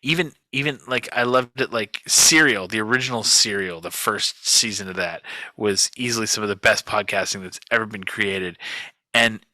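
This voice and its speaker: A man's voice: lowish voice, normal speed, pushed and bright, no echo. A man hosting a pop culture podcast, chatting casually in a jokey, rambling way. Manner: jokey, rambling, swears freely. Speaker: podcast host. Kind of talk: casual chat.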